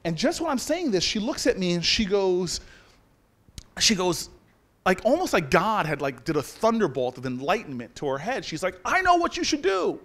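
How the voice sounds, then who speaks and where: Male guest speaker in his forties, self-mocking storyteller, bright and lively voice. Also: high voice, normal speed. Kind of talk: storytelling speech to an audience. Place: university lecture hall.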